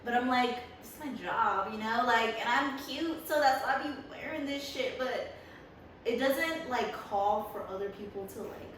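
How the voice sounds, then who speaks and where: A woman's voice: fairly high pitch, moderate pace, a bit bright, a little hiss or hum. A young woman co-hosting a podcast, chatting casually in a blunt, profane way and laughing often. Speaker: podcast co-host. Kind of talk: casual chat. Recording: echoey room, mic far off.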